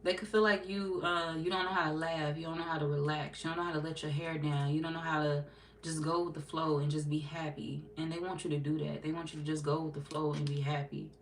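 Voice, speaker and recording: A woman's voice: sits low, flat delivery, fast, a little hiss or hum. A woman giving a casual, chatty tarot reading to her viewers, laughing often and slipping into playful quoted voices. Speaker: tarot reader.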